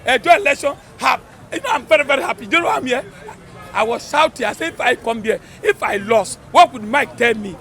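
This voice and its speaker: A man with a Nigerian accent, talking loudly and emphatically in a rambling street interview. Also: extremely high pitch, expressive, quick pace. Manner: fervent, loud, rambling and emphatic. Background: crowd noise.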